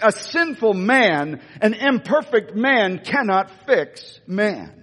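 A man preaches in a church, his high voice leaping up and down as he hammers home repeated lines. His tone is a little husky, and long reverb trails each phrase through the hall. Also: sing-song, a bit bright. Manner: emphatic, repeats key lines, swings from slow stressed phrases to quick asides. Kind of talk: sermon.

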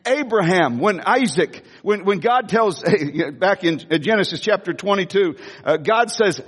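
A male pastor with a high, bright voice preaches in a large sanctuary, his words trailing off into a long hall reverb. He tells stories with animated energy, laughs often and repeats key phrases for emphasis. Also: unhurried, husky. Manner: animated storytelling with frequent laughs and emphatic repetition. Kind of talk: sermon.

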